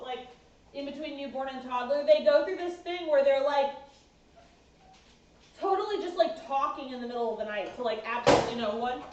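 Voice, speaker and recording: A woman's voice: high voice, a little mellow, distant mic. A woman dog breeder chatting casually in a vlog, full of fillers, playfully scolding and cooing at her puppies in an indoor puppy room. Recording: echoey room, voice from afar, dull sound.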